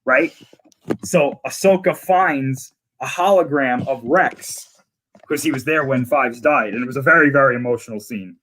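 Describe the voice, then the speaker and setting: A man's voice: mid-range voice, normal speed, bright, forceful tone, slight background noise. A man in casual conversation, eagerly retelling scenes from a series in detail. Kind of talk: casual chat.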